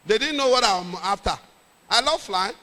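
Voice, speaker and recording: A middle-aged Nigerian man, a pastor, telling a lively story in a sermon with jokes and pidgin. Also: sits high, normal speed, big-room sound.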